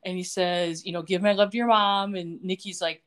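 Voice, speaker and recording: Female podcast co-host, middle pitch, lively scene-retelling. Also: brisk, few pauses. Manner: animated storytelling, acts out quotes. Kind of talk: casual podcast chat.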